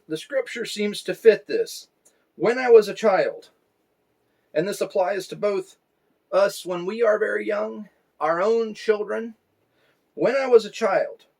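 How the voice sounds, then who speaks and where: A man in his forties giving a conversational story sermon, reflective and unhurried, with fillers. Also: fairly high pitch. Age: 40s. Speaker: pastor.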